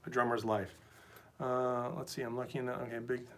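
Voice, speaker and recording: A man's voice: medium pitch, flat delivery, fairly quick. Guy rambling on a phone livestream in his drum shed, casual, lots of restarts. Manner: rambling, restarts, reads comments aloud. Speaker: drum teacher streaming live. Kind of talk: casual live-stream chat. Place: small cluttered drum shed. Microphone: phone mic.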